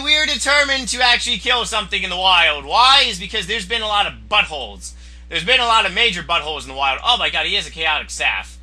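A young man with a very high, piercingly bright voice rattles off profane commentary over his gameplay. His pitch swings wildly as he jeers at rivals and bursts into yells. The delivery is loud, unfiltered and excitable. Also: brisk, husky. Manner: excitable, crude, yelling at opponents.

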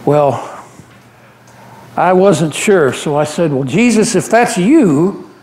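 A man's voice: fairly high pitch, slow pace. A man playing the apostle Peter, an earnest, devoted fisherman telling his memories in a first-person monologue during a church service. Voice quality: earnest, animated storyteller with frequent restarts. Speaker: church member giving a dramatic monologue. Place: church sanctuary. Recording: roomy church echo.

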